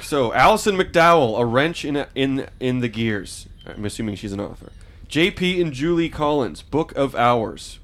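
A man's voice: medium pitch, expressive, moderate pace, fairly bright tone. A man hosting a comedy podcast, reading out a list with wry asides in casual chat. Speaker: podcast host.

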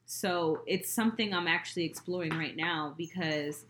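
A woman co-hosting a candid casual chat, telling stories in an animated, profane way. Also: lowish voice, normal speed, reverberant, a little hiss or hum.

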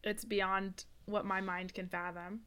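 Young woman, podcast co-host, chatty, giggly, trails off searching for words, bright tone. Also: medium pitch, flat delivery, measured pace, clean tone. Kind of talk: casual chat.

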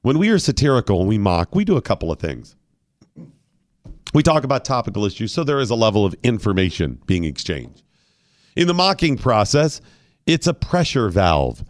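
A man's voice: fairly low pitch, sing-song, normal speed, no echo. Opinionated male talk radio host. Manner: argumentative, fires off rhetorical questions.

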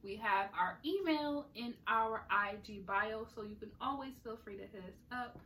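A young woman from New Jersey co-hosts a podcast with a bright, forceful tone, animated and emphatic in casual chat. She sits a little back from the mic, with a faint hiss behind her. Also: on the high side, moderate pace. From Central New Jersey. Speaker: podcast co-host. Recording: distant mic with faint noise.

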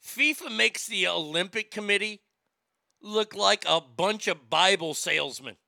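A man's voice: sits high, animated, unhurried, vocal fry, bright, forceful tone, dry recording, studio quality. A man hosting a comedic talk show, laughing often and stammering as he jokes crudely. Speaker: radio show host.

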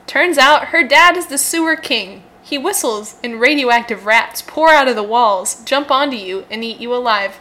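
A woman's voice: fairly high pitch, moderate pace, hardly any pauses, bright, forceful tone. A young woman hosting and narrating a choose-your-own-adventure game, playful and laughing often. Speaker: host and story narrator.

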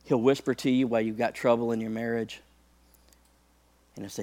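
A man's voice: mid-range voice, flat delivery, fairly quick, long pauses, dark tone. A male preacher delivering a sermon, talking conversationally to the congregation and building to impassioned peaks.

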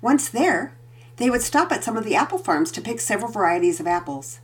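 A woman reading a children's story aloud, with gentle, expressive storytelling. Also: medium pitch, fairly quick, slightly rough. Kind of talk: storybook read-aloud narration.

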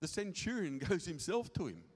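A man preaching with a high voice that swings widely in pitch. He gets excited and rushes his words, and his voice rings out in a church hall with a long, trailing reverb. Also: breathy edge. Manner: excitable, fast-talking preaching. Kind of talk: sermon.

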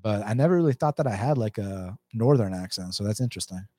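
A man's voice: fairly low pitch, animated, quick pace, mellow, no echo. A man with an Atlanta accent hosting a casual stream, reading viewer comments aloud and reacting with laughs and swearing. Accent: Atlanta, Southern US. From United States. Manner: laid-back, swears, laughs often, reads comments aloud. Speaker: livestream host reading chat. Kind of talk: casual chat.

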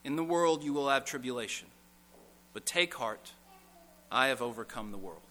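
A man preaching a sermon in a church, rising to strong emphasis and dropping to quiet, earnest pleading. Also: medium pitch, animated, normal speed. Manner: preaching with swells of intensity and hushed, earnest pleading. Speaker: pastor. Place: church sanctuary. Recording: church sanctuary with long reverb.

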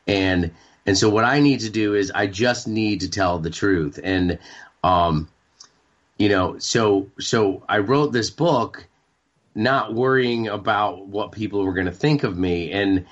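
Man in his 40s, from maine, low voice, halting speech full of fillers, dull lo-fi audio. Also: fairly bright tone. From Maine, United States. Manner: halting, repeats words, many fillers. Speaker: guest. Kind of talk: candid interview talk.

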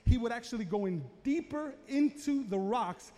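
Preaching in a church sanctuary, a man with a very high-pitched voice keeps a moderate pace as he tells a dramatic story, animated and climbing to shouts. The recording echoes with the hall's long reverb.

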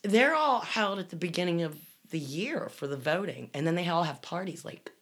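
A woman's voice: fairly low pitch, lively intonation, normal speed, a bit bright, husky. A woman from the Pittsburgh area co-hosting a casual chat, telling a story with incredulous sarcasm.

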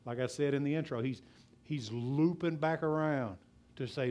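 Male pastor, fast and loud passionate preaching, drops into quiet low asides. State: out of breath. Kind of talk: sermon.

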